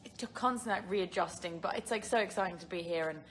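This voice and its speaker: Speaking quickly in a lowish voice, this young British woman answers viewer questions on a live stream from her phone. There's a little hiss or hum, and she rambles casually with plenty of fillers and giggles.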